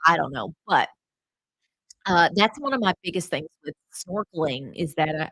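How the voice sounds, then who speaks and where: A woman's voice: deep voice, animated, normal speed, pushed and bright, no echo, low-quality recording. A woman hosting a casual travel livestream, chatty and rambling with lots of fillers, a bit stuffy from a cold. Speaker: travel channel host.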